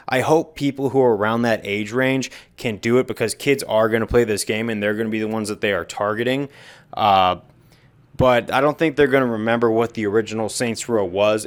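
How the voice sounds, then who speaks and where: A young man gives his views in a long, rambling monologue, earnest and full of small fillers. His voice sits a little low and sounds smooth and clean. He mentions along the way that he has the hiccups. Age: young adult. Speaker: gaming commentator. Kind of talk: opinion monologue.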